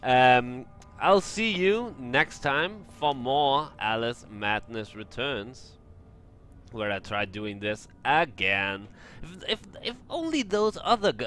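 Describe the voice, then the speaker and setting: A man's voice: medium pitch, bright, forceful tone, a little hiss or hum. A young man commentating his own gameplay, getting frustrated and exasperated, with some swearing. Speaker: let's play gamer. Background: game music.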